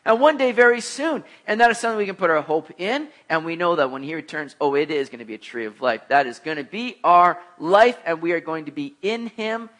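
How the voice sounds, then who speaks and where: Man, pastor, sermon, bright forceful voice, slightly high, conversational, jokey, emphatic. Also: lively intonation, a little fast, few pauses. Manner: conversational, joking, rising to emphatic exhortation.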